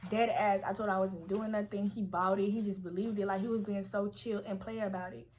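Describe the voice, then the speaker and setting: A young woman telling a story from her teens on a casual livestream, animated, slangy and full of profanity. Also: mid-range voice, brisk, a little hiss or hum.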